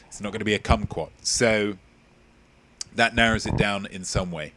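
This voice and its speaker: A man's voice: moderate pace, noisy background. A man hosting a live-streamed quiz, playful and mock-pompous as he chats with viewers. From England. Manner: playful, mock-pompous, lively swings in pitch. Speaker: quiz host.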